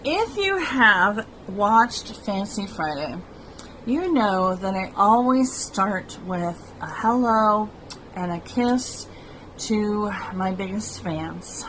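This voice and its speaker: A middle-aged woman hosting her own vlog, talking to her viewers in a slow, soft-spoken and personal way. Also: mid-range voice, animated, a little hiss or hum, rough recording. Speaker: vlog host. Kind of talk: heartfelt personal vlog talk.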